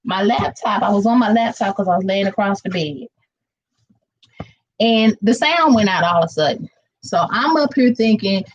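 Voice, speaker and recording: A chatty woman vlogger rambles casually to her viewers during a live stream while cooking in her home kitchen. Her voice sits in the mid range and moves at a normal speed, and the audio sounds dull.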